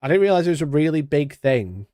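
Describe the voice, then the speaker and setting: A British man hosting a casual live stream, chatty and mock-indignant, talking into a boom-arm mic. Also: very animated, a little fast, dark tone, dry recording, clean studio sound. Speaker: streamer host. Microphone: studio mic on boom arm.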